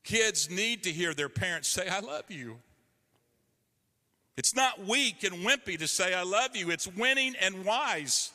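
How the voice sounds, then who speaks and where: A man delivers a sermon with earnest, emphatic preaching, calling out for the congregation's response. His voice is bright and forceful. It rings out with a long reverb, as in a large church hall. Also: high voice, animated, unhurried. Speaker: pastor.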